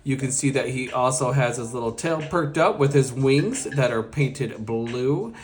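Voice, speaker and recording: A man's voice: mid-range voice, expressive, measured pace. A man hosting a casual toy unboxing, talking in an enthusiastic, gushing way and piling up praise.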